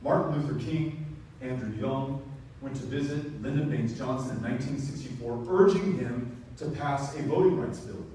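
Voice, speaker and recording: A man's voice: mid-range voice, normal speed, mellow, a little hiss or hum. A man from Texas giving an impassioned speech at a town hall, building to emphatic, rising passages. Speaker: political speaker at a town hall. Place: town hall event, roomy space. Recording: echoey room, mic from a distance.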